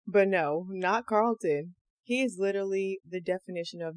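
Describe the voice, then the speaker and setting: A woman's voice: mid-range voice, fairly quick, no echo. Slangy woman telling a true crime story. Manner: animated, slangy, acts out quotes. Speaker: podcast host.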